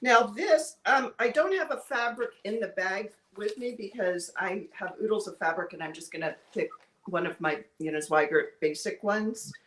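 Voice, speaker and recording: A woman's voice: medium pitch, moderate pace, fairly bright tone. A woman with a Midwestern American accent, chatting playfully and teasing as co-host. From Midwestern United States. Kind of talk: casual chat. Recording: echoey room, faint noise.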